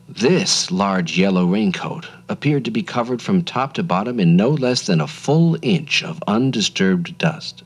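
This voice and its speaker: Man, storybook narrator, lowish voice, lively melodic delivery, faint music under. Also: husky, poor audio. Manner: gentle, measured storytelling.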